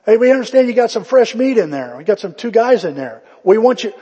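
Man putting on a loud, pushy mob of townsmen, high husky voice, long hall echo. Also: sing-song, fast talker, lo-fi sound, full character voice. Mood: demanding. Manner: loud, pushy, leering demands. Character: rowdy gang of men from a wicked town.

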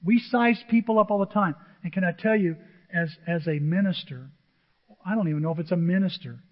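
A male pastor with a fairly high voice preaches with emphasis and throws rhetorical questions at his listeners. The sound is muffled and lo-fi, and a long echo trails each phrase through the church. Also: fairly quick. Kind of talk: sermon. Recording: dull echoey church recording.

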